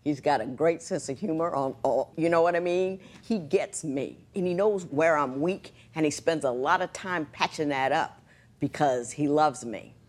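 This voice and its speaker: A woman's voice: low voice, moderate pace, darkish tone. A woman presiding as a TV court judge, lecturing in a stern, emphatic manner. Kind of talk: courtroom TV show judging.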